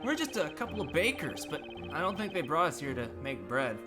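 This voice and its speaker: A man's voice: on the high side, big pitch swings, fairly quick. A man voicing a flustered young male baker who keeps protesting that he is no lawyer. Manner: flustered, incredulous. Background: game music.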